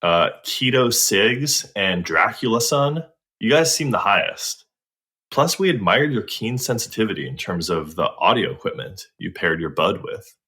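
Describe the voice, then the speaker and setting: Bright, slangy male podcast co-host. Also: lowish voice, expressive, moderate pace. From United States. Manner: slangy and laid-back. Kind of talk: casual comedic chat.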